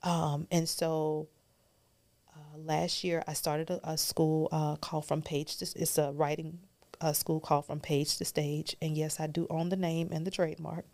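A woman's voice: sits low, little pitch movement, moderate pace, a little mellow. A woman guest on a podcast, telling her story earnestly and emotionally, dropping to a whisper at key moments.

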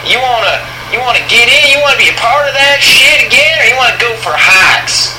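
A man's voice: very high-pitched, animated, a little fast. A man putting on a crude, brash football-fanatic caller. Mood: boastful. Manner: crude, swaggering, yelling. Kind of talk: comedy call-in sketch. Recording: echoey room with background noise.

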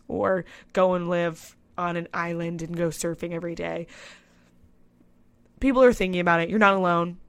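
A young woman in her twenties talks through her own experiences on a podcast, candid and chatty. Her voice sits at a middle pitch for a woman, and she tells the story loosely, with "I was like" asides. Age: 20s. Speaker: podcast host. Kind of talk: casual solo podcast monologue.

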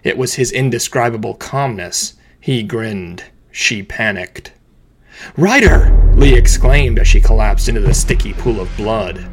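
A man reading a serialized thriller as narrator, measured and dramatic. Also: slight background noise, poor audio. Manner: measured, dramatic, low-key. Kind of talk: scripted audiobook narration. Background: music.

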